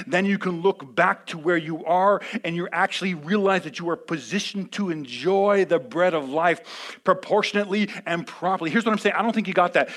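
A pastor with a fairly high voice delivers a sermon in a conversational way, with frequent fillers and restarts. He swings between quiet, intimate asides and loud, emphatic declarations.

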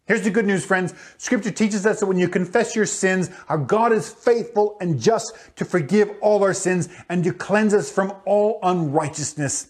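A man preaching a sermon in church as pastor, animated and acting out quotes with playful voices. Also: high voice, moderate pace, hardly any pauses.

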